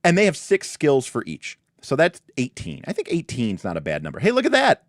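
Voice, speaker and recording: A man's voice: mid-range voice, a little fast, no room sound, clean studio sound. A man hosting a tabletop game livestream, chatting casually and breaking off into restarts and asides as he reviews rules. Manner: animated, many restarts and asides. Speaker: livestream host.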